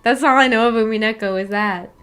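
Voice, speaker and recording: A woman's voice: on the high side, fast talker, a bit bright, clean tone, faint music behind. A young woman hosting a casual live-stream book club, chatty and giggly, often restarting her sentences.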